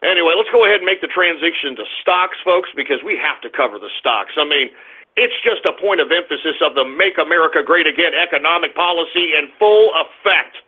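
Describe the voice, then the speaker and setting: A man hosting a talk radio show, brash and profane, swinging from loud shouts to low mutters. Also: animated, fast, husky. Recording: phone-like narrow band.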